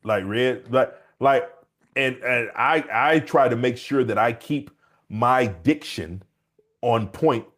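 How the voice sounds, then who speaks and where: A man's voice: medium pitch, slow pace. Laid-back male podcast co-host. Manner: animated storytelling, laughs often. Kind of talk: casual podcast chat.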